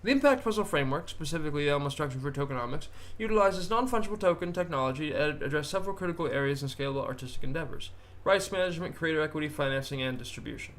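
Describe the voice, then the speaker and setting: A man's voice: a little high, lively intonation, very fast, hardly any pauses, fairly bright tone. A man putting on a 1930s transatlantic announcer voice with a put-on old transatlantic accent, declaiming grandly. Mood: grandiose.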